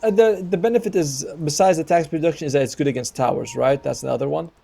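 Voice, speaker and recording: Slightly high and gravelly, this man's voice carries loose, chatty analysis of an esports match. He thinks aloud, leaning on fillers and firing off quick exclamations.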